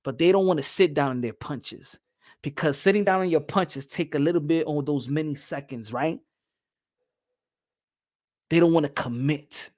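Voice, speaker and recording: A man hosting a boxing show, talking in an animated, rambling way and slipping into Spanish. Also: on the high side. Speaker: boxing podcast host. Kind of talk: casual boxing commentary.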